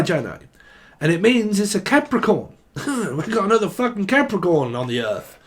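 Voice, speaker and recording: A man's voice: high voice, big pitch swings, normal speed. A man giving a casual tarot reading, joking and swearing, and breaking into song now and then. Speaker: tarot reader.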